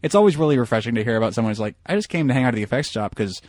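Curious guy talking quick on a movie commentary. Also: mid-range voice, expressive, a little mellow, no echo. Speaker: commentary co-host. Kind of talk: casual commentary chat.

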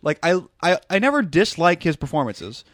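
A man's voice: a little high, big pitch swings, moderate pace, fairly bright tone, dry recording, studio quality. A man co-hosting a movie podcast, asking playful questions in casual talk. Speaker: podcast co-host. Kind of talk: casual movie commentary chat.

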